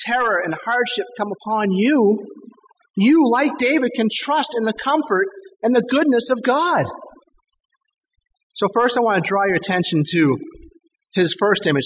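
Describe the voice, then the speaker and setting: Pastor, male, high voice, earnest emphatic sermon, echoey church, slightly dull audio. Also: fairly bright tone, a little hiss or hum. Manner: earnest, emphatic preaching with slow stressed scripture quotes. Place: church sanctuary.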